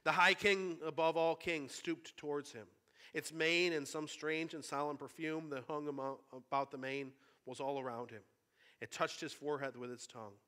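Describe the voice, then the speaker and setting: A man's voice: fairly high pitch, fairly even intonation, normal speed, bright, forceful tone. A man preaching a sermon, retelling a story in an earnest, conversational way.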